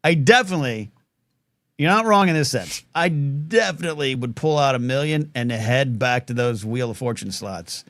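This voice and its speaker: A man's voice: mid-range voice, expressive, moderate pace, a bit bright, no room sound. A man hosting a call-in show, rambling playfully with lots of fillers and restarts. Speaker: host. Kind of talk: casual call-in show chat.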